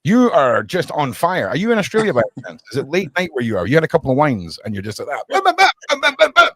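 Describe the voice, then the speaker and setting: A man's voice: mid-range voice, big pitch swings, quick pace, dry recording. Chatty man hosting a livestream. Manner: rambling, chatty, addresses viewers by name. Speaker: livestream podcast host. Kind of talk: casual livestream chat. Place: home desk setup.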